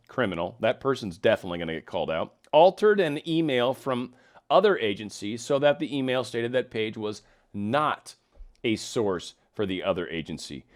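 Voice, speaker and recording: A man talking through political news in casual solo commentary, with wry asides, reading documents aloud as he goes. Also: medium pitch.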